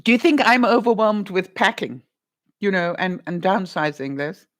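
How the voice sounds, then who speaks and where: A woman's voice: mid-range voice, lively intonation, moderate pace. A woman vlogger chatting live with her viewers, giving advice and calling them honey and by their names, in a rambling way with asides. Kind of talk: live-stream advice chat.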